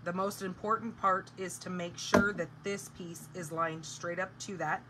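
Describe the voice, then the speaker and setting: A woman's voice: lowish voice, steady tone, normal speed, background noise. A woman hosting a live craft tutorial, chatting casually and explaining each step as she works. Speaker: craft demonstrator.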